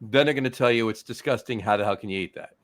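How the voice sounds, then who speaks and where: A man's voice: on the low side, fast talker. A man co-hosting a casual podcast, chatty, often repeating words as he gathers his thoughts. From New Jersey. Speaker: podcast co-host. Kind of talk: casual chat.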